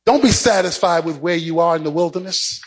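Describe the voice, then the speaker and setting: A man preaching a sermon, swinging between shouted, sing-song peaks and quieter stretches. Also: fairly high pitch, fairly quick, breathy edge, poor audio.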